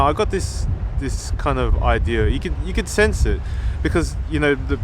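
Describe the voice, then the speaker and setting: A man's voice: medium pitch, background noise. A man telling a story in a reflective vlog, rambling and self-critical with many fillers. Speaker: vlogger.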